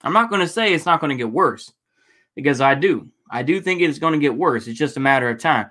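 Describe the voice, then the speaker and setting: A man's voice: a little high, expressive, a little fast, pushed and bright. A man casually commenting on footage during a livestream, rambling and swearing with lots of fillers. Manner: rambling, profane, many fillers. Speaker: streamer reacting to protest footage.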